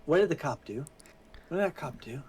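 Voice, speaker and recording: A man's voice: fairly high pitch, fairly quick, a little hiss or hum. A man co-hosting a podcast, chatting casually and laughing as he retells movie scenes. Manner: animated, laughing, acts out scenes. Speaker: podcast co-host. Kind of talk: casual chat recapping a movie.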